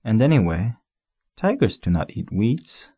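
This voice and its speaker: A man voicing a gentle, earnest young boy prince in an audiobook, speaking in a sincere, rueful way. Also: fairly low pitch, big pitch swings, measured pace, slightly rough, exaggerated voice. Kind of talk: audiobook character voice.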